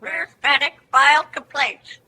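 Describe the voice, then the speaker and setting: A woman voicing a cheeky talking parrot, who delivers deadpan one-liner put-downs. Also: sits high, normal speed. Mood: teasing. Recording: loud background noise.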